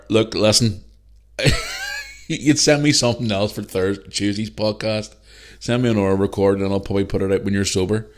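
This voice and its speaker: Male podcast host, lowish voice, heated sweary solo rant.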